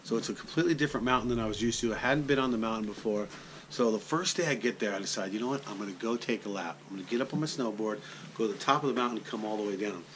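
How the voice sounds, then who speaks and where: A man who works as a sports announcer, telling a story to the camera in a chatty, animated vlog style. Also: fairly low pitch, very fast, a little hiss or hum. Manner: animated, chatty, talks straight to the viewer.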